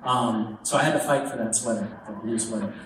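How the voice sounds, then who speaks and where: At a convention panel, a man with a fairly low voice answers fan questions briskly, joking wryly, mocking himself and laughing often in a casual on-stage Q&A. The mic is distant, so the large hall sounds echoey and background noise comes through.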